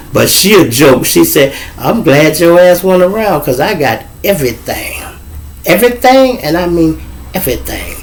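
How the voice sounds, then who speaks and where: A man's voice: fairly high pitch, low-quality recording. Profane man telling stories. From Chicago. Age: middle-aged. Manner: profane, animated, acts out quoted voices. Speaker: host. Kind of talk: casual storytelling monologue.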